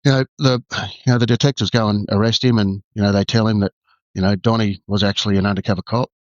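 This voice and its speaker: An Australian man, a former undercover detective, tells his story candidly in a halting way full of restarts and fillers. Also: on the low side, steady tone, no room sound, highs cut off.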